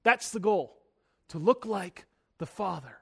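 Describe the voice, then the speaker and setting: A young man preaching a sermon, emphatic, moving between loud and soft passages and often repeating words as he starts a sentence. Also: high-pitched, animated, a little slow, gravelly, breathy edge. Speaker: pastor.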